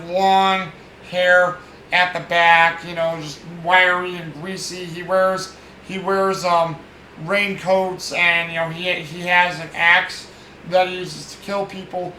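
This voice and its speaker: A man's voice: high voice, bright, forceful tone, echoey room, slight background noise, poor audio. A man hosting a casual film review, rambling and chuckling between frequent fillers and restarts. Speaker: film podcast host.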